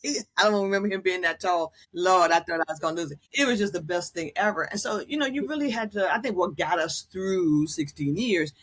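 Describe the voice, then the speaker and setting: A woman in her sixties, a guest on an interview show, telling caregiving stories in a lively way, acting out other people's voices and laughing often. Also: on the low side, a little fast, few pauses. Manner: animated storyteller who acts out quoted voices and laughs often. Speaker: guest, author and former caregiver. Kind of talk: storytelling interview.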